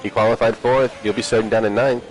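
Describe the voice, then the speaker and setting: A man with a fairly low voice calls an online sim racing event. He keeps things relaxed and chatty, ribbing his co-host as he runs through the grid. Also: fast, faint music behind. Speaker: race commentator.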